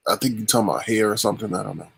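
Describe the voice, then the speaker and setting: A man's voice: on the low side, rapid-fire, vocal fry, a bit bright, breathy edge, no echo. A man hosting a live stream, talking in a hesitant, unsure way. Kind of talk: casual live stream chat.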